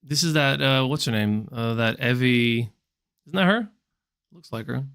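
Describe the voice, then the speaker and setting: A man's voice: mid-range voice, unhurried, clear, resonant tone. Man musing as he reacts to clips. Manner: relaxed, musing, wordy with fillers. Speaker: vlogger. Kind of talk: casual commentary reacting to clips. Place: home.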